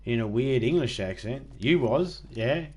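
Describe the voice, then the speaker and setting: Casual Australian male streamer, mid-pitched, rambling and self-deprecating, swears easily. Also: expressive, a little slow, darkish tone, slightly rough. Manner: rambling, laid-back, self-mocking, swears freely. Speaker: game streamer chatting with viewers. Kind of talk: casual live-stream chat.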